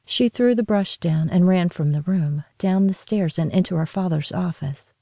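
A woman narrating a story in a steady, measured reading voice. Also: lowish voice, creaky, no room sound.

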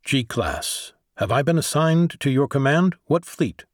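A man's voice: medium pitch, sing-song, measured pace, dry recording, clean studio sound, voice pushed up. A man voicing an agitated male navy lieutenant trapped in a robot body, with demanding, clipped military speech.

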